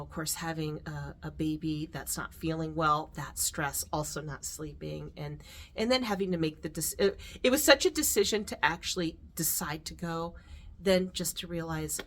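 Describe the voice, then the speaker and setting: A middle-aged woman shares a personal story on her vlog. She talks in a heartfelt, rambling way, with restarts and soft laughs. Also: low voice, moderate pace, a little hiss or hum. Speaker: vlogger.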